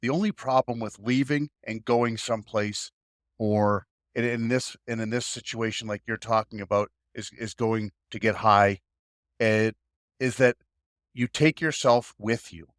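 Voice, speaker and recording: A man's voice: fairly low pitch, steady tone, a little slow, dry recording, studio quality. A man hosting a podcast, talking in an encouraging, emphatic way to his guest. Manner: warm encouraging, emphatic praise. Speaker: podcast host. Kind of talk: casual podcast talk.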